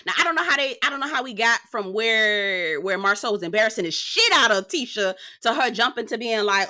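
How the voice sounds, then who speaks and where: Young woman TV reviewer: bright, sharp tone, animated and profane, punchy repetition. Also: sits high, fairly quick, few pauses. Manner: animated, profane, emphatic repetition, laughs often. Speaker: TV show reviewer. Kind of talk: casual reality TV recap commentary.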